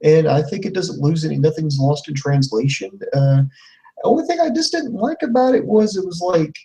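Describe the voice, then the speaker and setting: A man's voice: on the high side, lively intonation, normal speed, dark tone, distant mic, low-quality recording. A man co-hosting a casual wrestling review podcast, rambling through his recap with many "you know"s. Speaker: podcast co-host.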